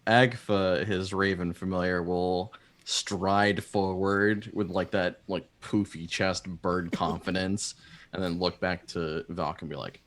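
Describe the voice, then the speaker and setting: A man playing a tabletop game, relaxed and laughing often as he describes his character's actions. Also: deep voice, takes it slowly. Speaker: player. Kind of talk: tabletop role-play chat.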